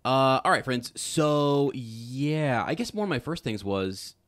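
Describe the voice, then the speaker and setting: A man's voice: mid-range voice, animated, slow pace, fairly bright tone, no room sound, clean studio sound. A man co-hosting a podcast, chatting casually about a book and rambling with many fillers and restarts. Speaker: podcast co-host.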